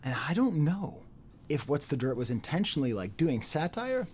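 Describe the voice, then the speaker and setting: A man talking straight to the camera in an off-the-cuff commentary, his pitch rising and falling in a lively way. He repeats phrases for emphasis and slips into mocking voices when he quotes others. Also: normal speed, a little hiss or hum. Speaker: YouTube commentator. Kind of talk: unscripted commentary monologue.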